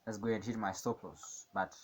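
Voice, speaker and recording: A man's voice: fairly low pitch, normal speed, background noise. Rambling man talking through a trade. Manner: rambling, self-questioning, swings between calm analysis and excited outbursts. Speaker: day trader narrating his screen. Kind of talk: casual live commentary.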